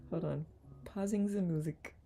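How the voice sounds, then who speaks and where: Low, gravelly-voiced woman hosting casually. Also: very noisy. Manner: playful, laughs often, repeats words aloud. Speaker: host of online community circle. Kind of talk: casual live-stream chat reading comments.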